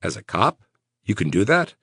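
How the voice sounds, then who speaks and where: A man's voice: lowish voice, very animated, moderate pace, fairly bright tone, breathy edge, dry recording, clean studio sound, voice pushed up, heavily acted. A man voicing a laid-back, teasing former cop with a wry, easygoing delivery. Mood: joking.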